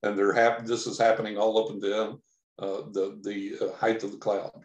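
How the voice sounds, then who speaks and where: A man from Texas telling a long personal story as a podcast guest, animated, acting out the lines he quotes. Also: fairly low pitch, moderate pace, muffled recording. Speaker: podcast guest, psychic investigator. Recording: roomy echo.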